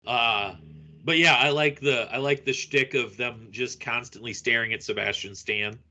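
A man's voice: medium pitch, normal speed, bright, forceful tone. A man in casual podcast chat, rambling a little, laughing often and searching for names as he talks.

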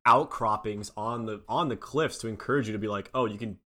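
A man's voice: fairly low pitch, a little fast, bright, forceful tone. A man co-hosting a podcast, chatting casually and eagerly about games. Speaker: podcast co-host. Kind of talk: casual chat.

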